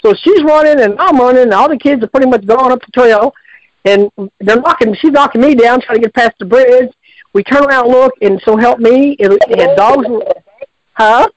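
A woman's voice: fairly high pitch, normal speed, dry recording, highs cut off. Rambling woman on a call-in line. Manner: rambling, colloquial, with many restarts. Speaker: caller. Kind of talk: call-in storytelling.

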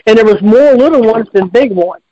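This caller's voice sits high but has a dark tone, and he talks briskly. Over lo-fi audio without echo, he rambles through a long story on a radio show in a folksy, repetitive manner with lots of restarts.

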